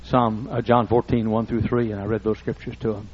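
Older preacher guy telling a folksy story, raspy and a bit dull sounding. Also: fairly low pitch, level tone, fairly quick. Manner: folksy, acts out dialogue in raised voices. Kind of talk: storytelling sermon. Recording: muffled lo-fi recording.

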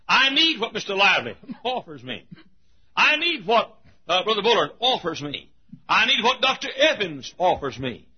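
Man, pastor, preaching a sermon: high husky voice that swoops widely, quick laughs and shouts, dull lo-fi church recording. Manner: lively, laughing often, shouting for emphasis. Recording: dull lo-fi sound.

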